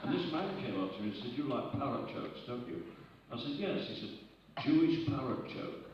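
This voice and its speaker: A man, telling jokes on stage with brisk asides. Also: medium pitch, lively intonation. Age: 80s. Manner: brisk anecdotal delivery with quick asides. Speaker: comedian. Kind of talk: live stand-up joke telling. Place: arts centre auditorium on stage. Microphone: distant audience recording. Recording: distant echoey hall recording, dull and noisy.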